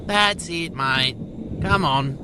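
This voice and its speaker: Excitable comic, high and animated over heavy noise. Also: male voice, takes it slowly. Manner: loud, profane and excitable. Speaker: comedy creator. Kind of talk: improvised comedy skit. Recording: loud background noise.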